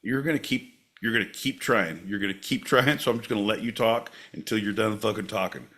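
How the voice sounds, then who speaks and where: A man with a slightly low voice, co-hosting a comedy podcast. He trades crude, sarcastic jabs, and now and then he blows up into loud shouting. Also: fairly quick. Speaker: podcast co-host.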